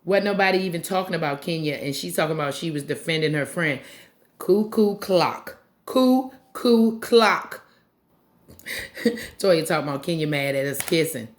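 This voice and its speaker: A woman giving a casual, profane recap of a reality show, blunt and animated, often mimicking the cast members. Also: low-pitched, fast, hardly any pauses.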